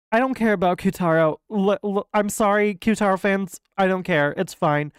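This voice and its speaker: A woman's voice: medium pitch, normal speed, clear, resonant tone, no room sound. A young woman giving casual, reactive game commentary, swearing and exclaiming as she plays. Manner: reactive, excitable, swears, laughs. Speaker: let's play streamer.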